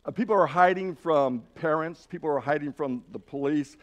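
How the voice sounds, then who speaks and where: Man, preacher, sermon, earnest, encouraging, slightly high voice, restarts phrases. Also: moderate pace, muffled recording.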